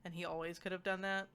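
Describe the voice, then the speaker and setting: A woman's voice: mid-range voice, fairly bright tone. A woman co-hosting a casual book club chat, talking loosely and laughing often.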